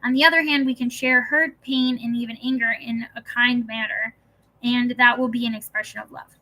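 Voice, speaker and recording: A woman narrates an audiobook with a bright, clear tone that sits a little high for her. Her reading is calm and even, with gentle emphasis on key phrases. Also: brisk, low-quality recording.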